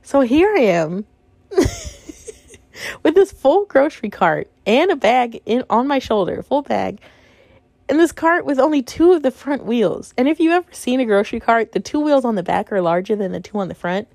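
A woman's voice: fairly high pitch, big pitch swings, moderate pace, vocal fry, darkish tone, no echo. A young woman in her twenties hosting a solo podcast, telling her own stories in a frank, exasperated way and often breaking into laughter. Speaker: podcast host. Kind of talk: casual monologue.

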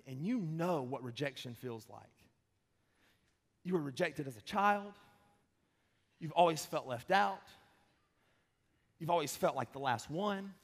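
A pastor in his thirties giving a conversational sermon, mixing quick humor with slow emphatic pauses. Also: on the high side. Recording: long hall reverb.

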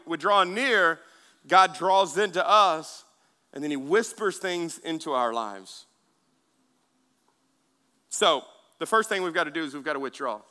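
A pastor delivers a sermon in a loose, conversational style, circling back on his words and tossing questions out to the congregation. His voice is strikingly bright and a little high for a man.

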